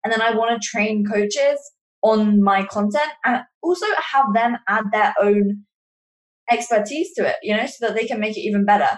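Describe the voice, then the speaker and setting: A young English woman in her twenties chats through an interview in a loose, filler-heavy way. Her voice sits in an ordinary middle pitch. The recording has a noticeably roomy echo around it. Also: fairly even intonation, normal speed. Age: 20s. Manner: chatty, many fillers like "like". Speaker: podcast guest, online coaching entrepreneur. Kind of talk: casual interview talk.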